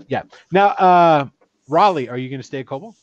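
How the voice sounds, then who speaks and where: Lively game master, dry muffled mic. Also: male voice, on the high side. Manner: animated, quick asides. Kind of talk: narrating a tabletop game. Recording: dry, dull lo-fi sound.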